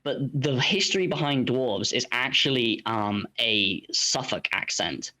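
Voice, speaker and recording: A British man talking as a guest on a podcast. His tone is bright and forceful, and he tells stories in a relaxed, chatty way, with fillers along the way. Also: medium pitch, unhurried, poor audio. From Britain. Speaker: guest voice actor. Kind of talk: casual podcast interview.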